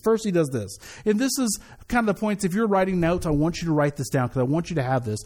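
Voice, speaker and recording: Talking at a quick pace in a voice that sits high, the pastor keeps his sermon lively and conversational. He frequently restarts, repeating words as he goes.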